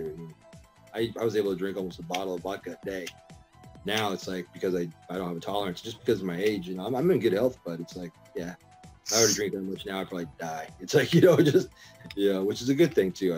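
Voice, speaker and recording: Dark in tone and low in pitch, this middle-aged man's voice fills a casual podcast chat where he's the guest. He's a profane storyteller who keeps laughing through his tales.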